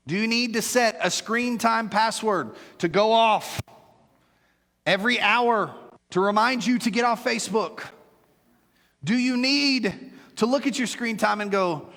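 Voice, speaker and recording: A middle-aged man preaching a sermon as pastor, animated and joking with playful asides to his congregation. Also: high-pitched, normal speed, in a large hall. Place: church sanctuary.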